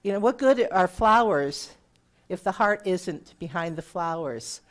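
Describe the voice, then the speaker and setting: A woman's voice: fairly low pitch, expressive, a little slow. Woman preaching a conversational sermon. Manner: warm conversational preaching with audience questions. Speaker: guest minister.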